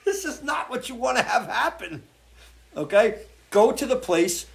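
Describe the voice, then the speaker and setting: A man's voice: very high-pitched, lively intonation, a little slow, vocal fry. A middle-aged man hosting a live show from a porch, ranting in a blunt, profane, emotional way. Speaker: show host. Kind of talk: impassioned live-stream rant. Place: porch, outdoors.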